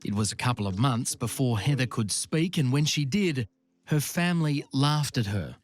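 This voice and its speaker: A reporter giving scripted narration for a current affairs story, measured and expressive. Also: medium pitch. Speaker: documentary reporter.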